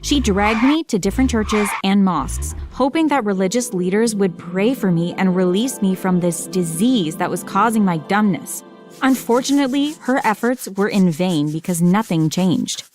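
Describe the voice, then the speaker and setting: A woman giving scripted first-person narration for an animated story, matter-of-fact with wry asides. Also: medium pitch, normal speed, over music.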